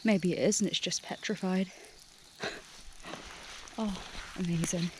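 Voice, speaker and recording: A young woman hiking vlogger narrates casually to her handheld camera on a misty woodland trail, gushing and excitable, laughing often and dropping to hushed murmurs. Her voice is on the low side and her pace measured, with a noisy background.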